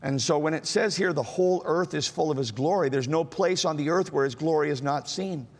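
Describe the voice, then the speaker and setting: Male pastor, gravelly, slow, halting sermon delivery, echo of a large church hall. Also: on the high side. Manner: slow, halting delivery with many fillers, rising to emphatic repetitions. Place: church auditorium. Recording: large hall with long reverb.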